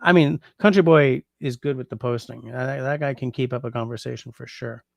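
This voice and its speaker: A man hosts a relaxed livestream, chatting with viewers and musing over how to put phrases into French. His voice has a gravelly edge. The sound is close and dry, with no room around it. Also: mid-range voice, a little fast, no echo. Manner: muses aloud, trying out French translations. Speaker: livestream host. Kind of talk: casual livestream chat reading comments.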